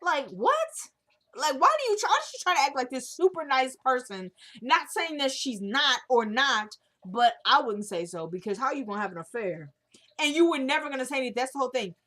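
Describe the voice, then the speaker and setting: A woman's voice: sits high, expressive, a little fast, a bit bright. A woman casually recapping a TV drama episode, opinionated and chatty, acting out characters' lines as she retells the scenes. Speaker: show recap host.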